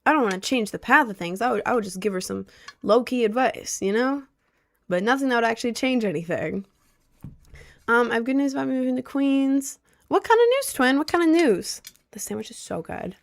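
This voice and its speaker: A woman's voice: a little high, a little fast, gravelly. A young woman streamer in casual chat, rambling, jokey and self-mocking.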